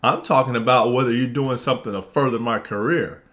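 A man talking alone to camera in a casual, blunt monologue, animated and swearing at times. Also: medium pitch, brisk. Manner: animated, mimics others in quoted voices, swears; frustrated and blunt when venting. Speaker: vlogger.

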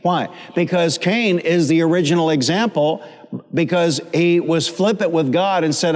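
Man, pastor, sermon, call-and-response, slightly high pitch, long church reverb. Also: moderate pace. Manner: preaching with humor and repetition, calls for audience responses. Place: church sanctuary.

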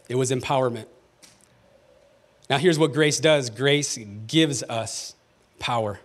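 A man preaching a sermon from the pulpit, his voice sitting at an ordinary middle pitch. He reads scripture aloud and pushes his lines with rising emphasis. Every so often he calls straight out to the congregation. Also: slow, long pauses. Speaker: pastor. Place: church sanctuary.

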